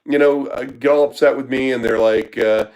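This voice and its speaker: A man's voice: mid-range voice, fairly even intonation, moderate pace, a little mellow, rough recording. A man who works as a startup business consultant, answering questions in a casual live Q&A, blunt and profane with lots of filler words.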